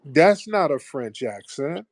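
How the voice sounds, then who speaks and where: Mocking, gravelly man hosting a call-in. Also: on the high side, lively intonation, slow pace, no echo, studio quality. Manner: mocking, combative, talks over the caller. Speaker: host. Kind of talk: heated live call-in debate.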